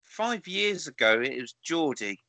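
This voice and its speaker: A male co-host chats along and throws out guesses. His voice sits a little high and sounds bright and edgy. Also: big pitch swings, unhurried, no echo. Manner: chatty, guessing answers. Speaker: radio co-host. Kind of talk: radio chat.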